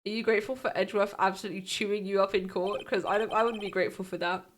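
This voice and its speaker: A woman's voice: mid-range voice, steady tone, rapid-fire. A woman streamer making flustered, chatty asides while playing a game. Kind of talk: casual gaming commentary.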